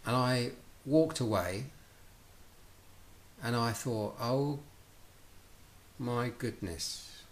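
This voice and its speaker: A middle-aged man spins a personal story in a mid-pitched voice. He talks in an animated way, acting out both sides of conversations and often restarting his sentences. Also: very slow, pauses often, a little hiss or hum. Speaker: speaker telling his life story.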